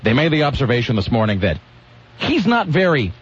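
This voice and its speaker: A man's voice: mid-range voice, wildly swooping pitch, fairly quick, husky. A man hosting a radio show, telling a rambling story in casual on-air banter and often cutting himself off. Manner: rambling, self-interrupting storytelling. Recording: lo-fi radio broadcast sound.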